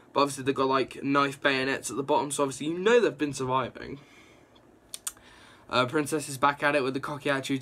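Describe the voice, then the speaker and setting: Young man, bright tone, excitable comic book review, filler-heavy rambling. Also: medium pitch. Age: young adult. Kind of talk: casual video review.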